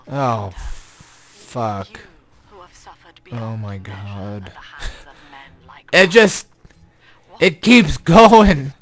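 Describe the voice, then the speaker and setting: A man's voice: a little high, a bit bright. A young man giving casual, rambling gameplay commentary, tired and yawning, swearing often and turning exasperated, with an odd robotic glitch on his voice. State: sleepy, yawning. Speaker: game guide commentator.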